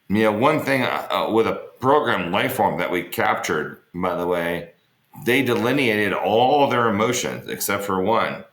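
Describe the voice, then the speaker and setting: A man's voice: sits low, fairly bright tone, reverberant. A man being interviewed, telling rambling, joking stories in a casual way and swearing freely. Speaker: interview guest. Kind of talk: casual storytelling on an online interview.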